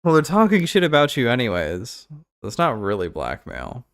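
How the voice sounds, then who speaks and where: A male streamer reacting live, blunt and profane. His pitch swings widely as he rambles and restarts. His voice sits at an ordinary middle pitch. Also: wildly swooping pitch, moderate pace, a bit bright, clear, resonant tone.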